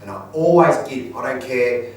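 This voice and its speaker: A man's voice: medium pitch, normal speed. An Australian man talking bluntly and colloquially as a guest speaker, answering audience questions. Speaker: guest speaker, business owner. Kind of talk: live Q&A storytelling. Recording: echoey room, distant mic, noisy.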